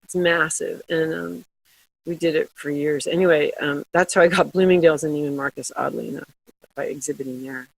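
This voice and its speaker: A middle-aged woman telling stories in a casual interview, chatty and quick to laugh. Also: sits low, fairly even intonation, vocal fry, low-quality recording. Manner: chatty storytelling, laughs often. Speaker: guest, glassware company founder.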